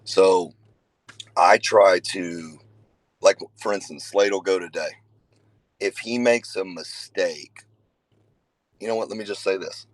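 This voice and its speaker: A low-voiced man tells stories in a casual, earnest way, filling gaps with conversational words. He breaks into sudden emphatic loud bursts. The sound is dry, with no room echo. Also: slow pace, pauses often. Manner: conversational, with frequent fillers. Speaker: father and youth wrestling coach. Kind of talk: casual talk to a group.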